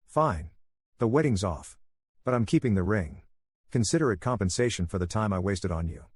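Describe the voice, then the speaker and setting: A man's voice: on the low side, animated, moderate pace, breathy edge, no room sound. A man voicing a bitter young woman who has just broken off her engagement, barely changing his own voice. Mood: cold.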